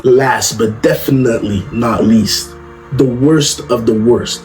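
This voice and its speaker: A young man doing comedic commentary in an animated, slangy way, often asking "you know what I'm saying". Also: mid-range voice, takes it slowly. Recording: music playing under the voice.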